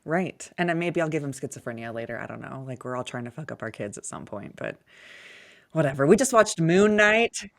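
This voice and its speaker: A woman in her thirties talking as a podcast guest, candid and animated, with self-deprecating humor. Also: low-pitched, fairly quick, creaky. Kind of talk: casual conversational interview.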